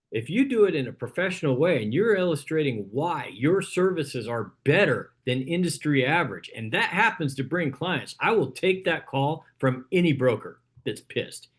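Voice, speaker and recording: Man, fairly high voice, team-training coach, punchy, keeps checking "okay?". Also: breathy edge. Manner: coaching, punchy, repeats "okay?" after points. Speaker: real estate broker leading a team training.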